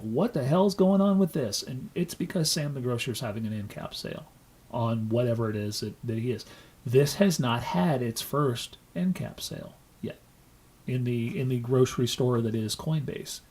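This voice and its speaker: A man hosting a crypto market show, explaining in a folksy, animated way, telling stories and swearing casually. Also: medium pitch. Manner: folksy, animated storytelling with loose profanity.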